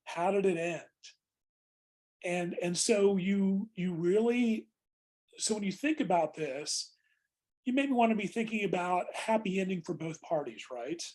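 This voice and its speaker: A man's voice: high voice, unhurried, a little mellow. Casual man leading an interview class. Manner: informal, addresses students as "guys". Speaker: instructor.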